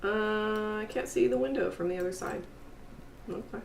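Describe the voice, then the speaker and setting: A woman's voice: mid-range voice, moderate pace, vocal fry. A woman giving rambling, chatty commentary while she plays a game. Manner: rambling, chatty, lots of fillers and laughs. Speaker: streamer. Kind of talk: casual gameplay commentary. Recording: echoey room with faint noise.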